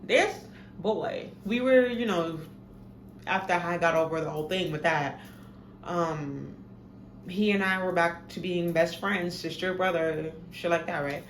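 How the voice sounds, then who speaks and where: A woman's voice: on the low side, measured pace. Young woman, echoey. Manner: animated, profane, dramatic retelling. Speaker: storytime vlogger. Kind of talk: casual storytime. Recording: echoey room, faint background noise.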